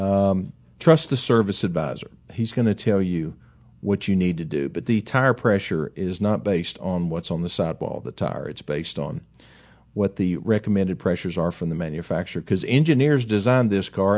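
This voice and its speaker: A man's voice: fairly low pitch, a little mellow. A middle-aged man who owns a car dealership, hosting a casual talk segment in a folksy, rambling way with chatty asides. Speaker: car dealership owner and radio host.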